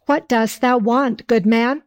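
A woman voicing sly, flattering tavern keepers in slow archaic speech. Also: fairly high pitch.

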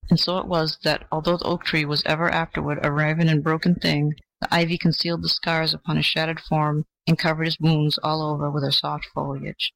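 A measured, gentle voice reads an old fairy tale aloud. The sound is dry and close, with no room around it. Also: mid-range voice, little pitch movement, creaky, no room sound, rough recording. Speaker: audiobook narrator. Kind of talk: scripted storybook narration.

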